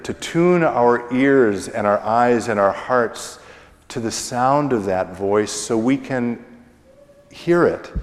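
A middle-aged man preaching a sermon as pastor, slow and deliberate, pausing often and letting his phrases fall away at the ends. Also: lowish voice. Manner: slow, deliberate preaching with pauses and falling endings. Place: church sanctuary. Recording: long church reverb.

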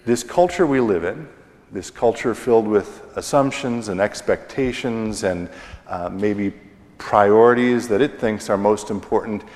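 A middle-aged man preaching a sermon as pastor, slow and deliberate, pausing often and letting his phrases fall away at the ends. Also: fairly low pitch, a little mellow. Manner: slow, deliberate preaching with pauses and falling endings. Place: church sanctuary. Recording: long church reverb.

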